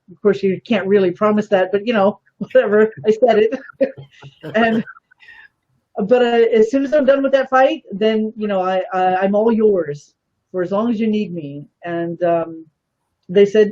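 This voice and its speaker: A woman talks casually as a guest, telling a story at a middling pitch. She acts out the voices of the people she quotes. The recording has a somewhat dull, lo-fi sound. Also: normal speed, warm tone.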